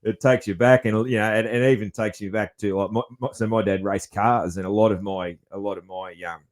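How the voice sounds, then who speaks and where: Chatty man, low voice. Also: fairly even intonation, a little fast. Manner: rambling, chuckling, many restarts. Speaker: podcast host. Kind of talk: casual chat.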